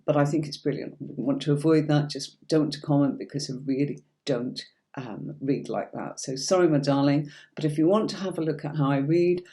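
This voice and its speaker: This Yorkshire woman has a deep, mellow voice and a faint local accent. She teaches tarot on a livestream, chatty and reassuring, calling her viewers darling.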